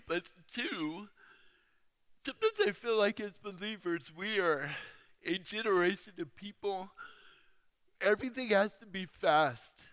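A man telling a story in a sermon, with speech that is hard to understand, slow and deliberate with pauses. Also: sits high, a bit bright, smooth.

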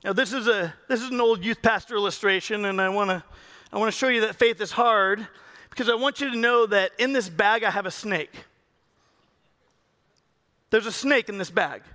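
A man's voice: sits high, normal speed, pauses often, bright, forceful tone. A man preaching a sermon as pastor, talking in a conversational, joking way with his congregation and coaxing people up on stage. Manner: calls people up and coaxes them on stage.

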